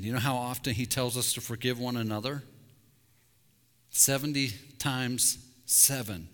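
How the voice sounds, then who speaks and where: Bright-voiced man preaching in a reverberant sanctuary. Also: mid-range voice, unhurried. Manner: candid, intense preaching with confessional asides, dropping to a hush on key words. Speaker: pastor. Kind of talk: sermon. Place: church sanctuary. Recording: long hall reverb.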